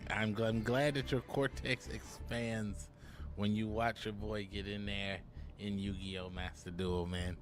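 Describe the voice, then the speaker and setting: A man's voice: lowish voice, flat delivery, a little slow, soft background music. A man giving casual, hyped-up commentary on a card game, full of slang and repeating "my boy". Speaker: gaming YouTuber.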